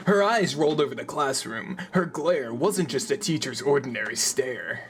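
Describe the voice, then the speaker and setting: A man's voice: medium pitch, lively intonation, normal speed, slight background noise. A young man reading a visual novel aloud and chatting between passages, joking, laughing and swearing freely. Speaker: audiobook reader.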